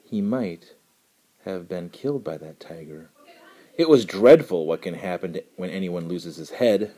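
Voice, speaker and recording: A man reads a storybook aloud with a deep, mellow voice. His pitch moves freely as he tells the tale. His telling is expressive and unhurried. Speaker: narrator. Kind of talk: storybook reading.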